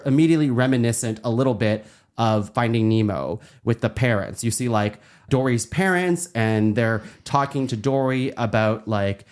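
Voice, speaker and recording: Chatty man recapping a film. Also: medium pitch. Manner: chatty, laughs often, acts out quoted lines. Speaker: podcast co-host. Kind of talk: casual chat recapping a film.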